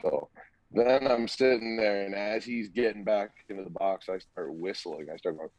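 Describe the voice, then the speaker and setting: A young man, once a college hockey player, chats casually on a podcast, telling stories with lots of energy and acting out the people he quotes. His voice sits fairly low and moves at a normal speed, and the recording is very noisy.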